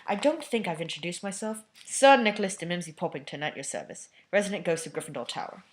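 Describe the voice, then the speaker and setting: A woman's voice: lowish voice, lively intonation, quick pace, slight background noise, natural voice. A woman reading aloud and voicing a centuries-old male ghost who speaks formally and fussily. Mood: proud. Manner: formal and fussy.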